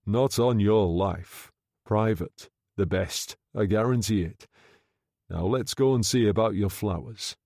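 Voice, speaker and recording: A man voicing a smooth-talking gangster undertaker who speaks low, soft and quietly threatening, in an audiobook reading. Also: measured pace, no room sound, studio quality. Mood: menacing.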